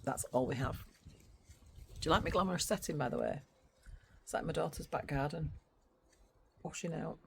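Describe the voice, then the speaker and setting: A woman's voice: sits low, moderate pace, creaky, long pauses, slight background noise. A middle-aged woman vlogging in a casual chat, talking in a chatty, sarcastic way and often going off on tangents.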